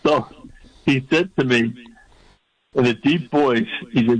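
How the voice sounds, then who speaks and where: A man's voice: medium pitch, slow pace, pauses often, rough recording. A man hosting a talk show, telling a story of his own in a casual way and chuckling along.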